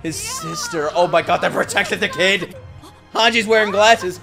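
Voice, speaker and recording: A young man commenting on an anime episode as he watches it, often shouting, laughing and swearing. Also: high-pitched, moderate pace, creaky, over music. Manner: loud excited outbursts and laughter, swearing. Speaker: anime reaction YouTuber. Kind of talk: excited reaction commentary.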